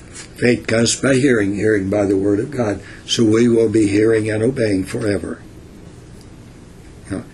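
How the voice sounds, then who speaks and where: An older man giving informal Bible teaching in a folksy, unhurried way, reading verses and adding asides. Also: on the low side, a little mellow, a little hiss or hum.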